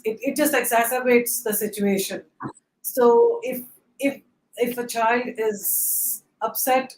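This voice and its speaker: A calm woman with a fairly high voice speaks slowly and patiently, giving parenting advice as the expert on a webinar. She pauses with small fillers, and the room around her sounds echoey over the video call.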